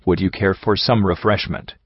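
Guy doing a calm dignified unicorn prince, courteous and proud, low voice, dry dull recording. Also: moderate pace, breathy edge, dry recording.

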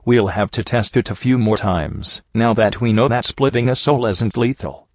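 A man's voice: lowish voice, moderate pace, no echo. A man reading a storybook voices a refined, composed female unicorn who speaks in clipped, terse lines. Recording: dull lo-fi recording.

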